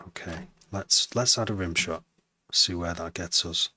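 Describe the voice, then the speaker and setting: A man's voice: sits low, a little slow, bright, forceful tone, slightly rough. A man with a slight Wrexham accent, talking to himself while producing music, musing aloud with wry asides and many restarts. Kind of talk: casual self-talk while making music.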